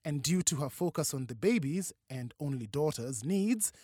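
A narrator reading a novel aloud with expressive, varied delivery. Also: mid-range voice, moderate pace, husky, dry recording, studio quality. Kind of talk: audiobook narration.

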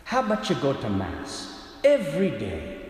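A man impersonating a blunt older Irish priest with a gruff voice, complete with an Irish accent. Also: medium pitch, wildly swooping pitch, moderate pace, a little mellow, slight background noise. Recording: echoey hall reverb.

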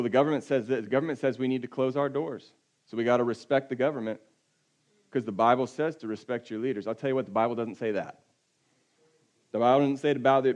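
A man preaching in a loose, conversational way, with a voice of ordinary pitch. He often sinks to a low, quiet tone to press a point. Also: lo-fi sound. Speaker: pastor. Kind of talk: sermon.

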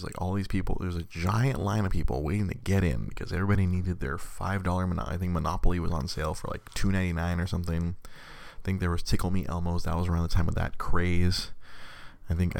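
A man's voice: sits low, fairly quick, vocal fry, a little mellow, no room sound. A man, casually telling a rambling story to viewers, repeating words and laughing often.

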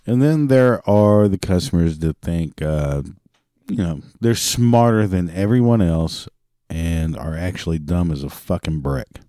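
An exasperated man tells a story as a rant, swearing freely and mocking with sarcasm. His voice is low and dark, and the sound is dry and close with no room around it. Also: lively intonation, a little slow, dry recording. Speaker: customer service worker.

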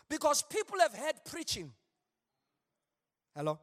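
A male pastor preaching an animated sermon in a large church, with call-and-response asides. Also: high voice, unhurried. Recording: long hall reverb.

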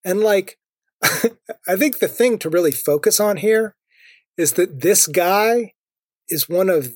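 A man with a slightly raised, husky voice hosts a chatty podcast, breaking into laughs as he talks. The sound is close and dry. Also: high voice, lively intonation, takes it slowly, darkish tone, no echo. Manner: laughs often, says "like" and "uh". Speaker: podcast co-host. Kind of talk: casual chat.

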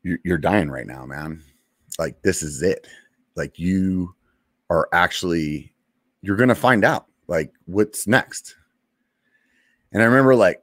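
Deep-voiced man telling a war story. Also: animated, no echo, clean studio sound. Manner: laid-back, profane, drawn-out pauses and fillers. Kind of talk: casual storytelling.

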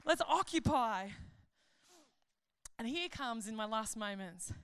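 High, bright woman preacher. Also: takes it slowly, clean tone, no room sound, clean studio sound. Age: adult. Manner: chatty and animated, jokes and laughs at herself. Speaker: conference speaker, pastor. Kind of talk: sermon.

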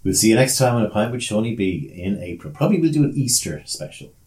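A man's voice: medium pitch, expressive, fast, a little mellow. An Irish man hosting a podcast, joking and playing with words in casual chat. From Ireland. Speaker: podcast host. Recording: echoey room.

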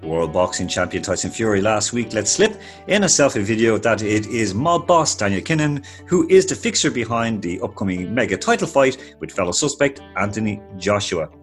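A man hosting an interview, introducing the show and telling stories in a lively way. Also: lowish voice, moderate pace, few pauses, faint music behind. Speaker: host. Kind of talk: podcast interview.

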